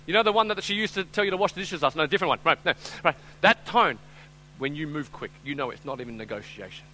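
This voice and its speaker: A man preaching a sermon as pastor, telling a story conversationally with "right?" and "I'm telling you", acting out voices and swinging from loud to hushed. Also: fairly high pitch, expressive, fast talker, a little hiss or hum, rough recording.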